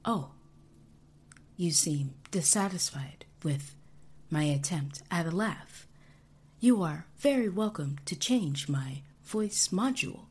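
A woman voicing a calm, polite male AI assistant in a whispered role-play, with formal, courteous phrasing. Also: fairly low pitch, slow, breathy edge, full character voice.

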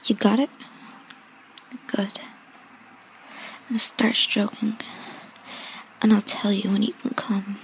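Woman, whispered role-play: slow, teasing, commanding, with a gravelly edge. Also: medium pitch, little pitch movement, a little hiss or hum, low-quality recording.

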